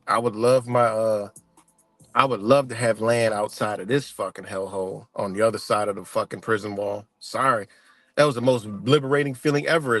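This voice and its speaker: A man's voice: medium pitch, a bit bright, dry recording. A man ranting casually on a live stream, profane and emphatic, rambling as he tells stories.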